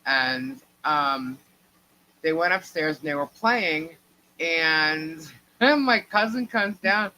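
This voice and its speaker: A woman's voice: medium pitch, measured pace, fairly bright tone, low-quality recording. A middle-aged woman co-hosting a live stream, telling a long family story in a rambling, chatty way and laughing between sentences. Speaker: livestream co-host.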